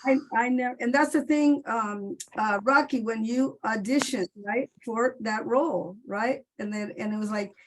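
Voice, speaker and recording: An older woman on a video call, telling lively stories with frequent laughter and loud bursts. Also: a little high, normal speed, hardly any pauses, slight background noise. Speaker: honored guest playwright.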